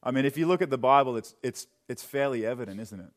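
A young man preaching a sermon in a church, chatty and joking, then dropping into quiet, earnest questions. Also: medium pitch, animated, fast talker. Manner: conversational and joking, with sudden drops to quiet earnestness. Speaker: pastor. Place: church hall.

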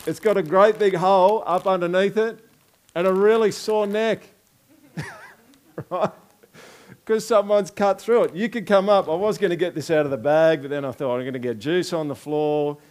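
An Australian-accented pastor preaches a conversational sermon, joking and tossing rhetorical questions at the congregation during an object lesson. His voice is high with a darkish tone, and he speaks at a moderate pace.

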